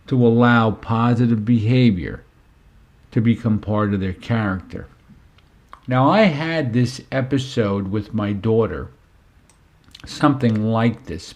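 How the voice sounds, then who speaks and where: A middle-aged man telling a family story as a parenting speaker, conversational and unhurried, often saying "you know". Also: mid-range voice, darkish tone. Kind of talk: storytelling talk.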